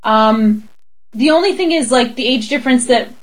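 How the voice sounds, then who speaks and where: A woman with a Canadian accent, co-hosting a casual chat, giggly and animated, often slipping into mock voices. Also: fairly high pitch, moderate pace, low-quality recording. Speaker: podcast co-host.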